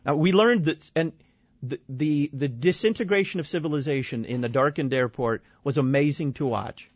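A man from Illinois telling an animated, exasperated personal story, slipping into other people's voices as he goes. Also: fairly high pitch, normal speed, no room sound. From Illinois, USA. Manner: lively, exasperated, acts out quoted voices. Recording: dull dry studio sound.

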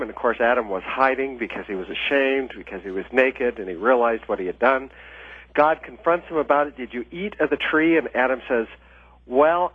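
A man's voice: mid-range voice, breathy edge, no echo. Earnest male interview guest on a tinny phone line. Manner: earnest, explanatory, with frequent uh fillers. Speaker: author and ministry leadership trainer.

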